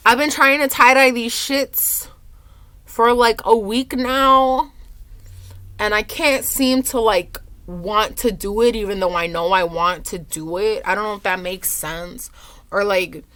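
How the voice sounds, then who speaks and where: A young woman vlogging at home, low and teary, rambling with lots of "like". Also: a little slow, pushed and bright, no echo. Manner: rambling, says "like" often. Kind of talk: casual confessional vlog.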